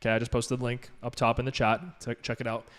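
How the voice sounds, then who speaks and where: A man's voice: mid-range voice, monotone, fast talker, fairly bright tone, smooth. Upbeat rambling man on a live stream. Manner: rambling and upbeat, many fillers and restarts. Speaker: online business mentor hosting a live stream. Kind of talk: casual live-stream Q&A, answering chat.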